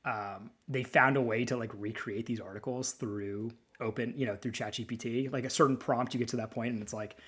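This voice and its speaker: Husky thirtyish male lawyer, podcast co-host; loose, sentimental, restarts a lot. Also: medium pitch, steady tone, a little fast, few pauses, a bit bright. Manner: rambling, candid and sentimental, with frequent restarts. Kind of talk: casual chat.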